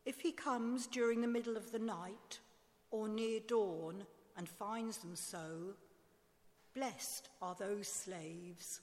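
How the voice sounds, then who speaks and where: A woman giving a slow, measured liturgical Bible reading in church. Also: mid-range voice, a little mellow. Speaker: scripture reader. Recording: long church reverb.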